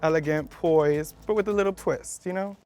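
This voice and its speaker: Playful gushing drag queen, slightly high. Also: moderate pace, loud music behind the voice. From Cuban heritage. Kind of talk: confessional interview.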